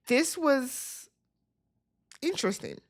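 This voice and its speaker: A woman's voice: sits high, very animated, slow. A woman casually retelling a reality-TV episode in a chatty, blunt way, quoting people as she goes. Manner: chatty retelling, quotes people in their voices, blunt swearing. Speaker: recap vlogger.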